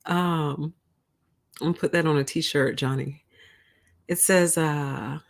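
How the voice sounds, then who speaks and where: A young adult woman with a low voice chats casually on her livestream. She is blunt and candid, laughs often, and acts out her own quotes. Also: fairly even intonation, slow, vocal fry, pauses often. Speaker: livestream host.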